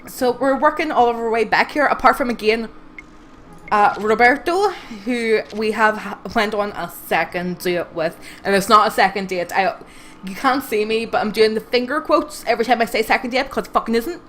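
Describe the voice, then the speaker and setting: A woman's voice: fairly high pitch, moderate pace, fairly bright tone, a little hiss or hum. A young woman streaming a game live, reading the dialogue aloud and commenting in a sardonic, swearing way.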